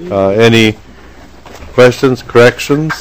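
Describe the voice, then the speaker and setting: A man chairing a legislative committee meeting in a formal, halting way, pausing often on fillers. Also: mid-range voice, rough recording. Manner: halting, frequent filler pauses.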